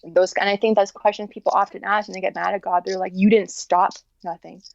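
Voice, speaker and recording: A woman guest in a candid personal interview, speaking earnestly in halting restarts and many fillers. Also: medium pitch, level tone, gravelly, no room sound, dull audio.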